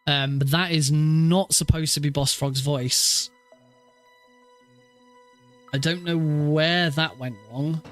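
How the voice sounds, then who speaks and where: A man chats away casually on a live stream, rambling and correcting himself as he goes. His voice sits a little higher than most men's. Faint game music plays underneath. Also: steady tone, slow pace, long pauses, fairly bright tone. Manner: rambling, self-correcting, chatty. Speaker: speedrun streamer.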